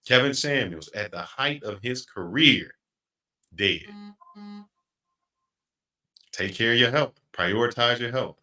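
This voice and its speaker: A middle-aged man hosting a podcast, speaking in an earnest, reflective way and slowing down to stress his points. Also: mid-range voice, bright, forceful tone. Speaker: podcast host. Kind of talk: casual podcast chat.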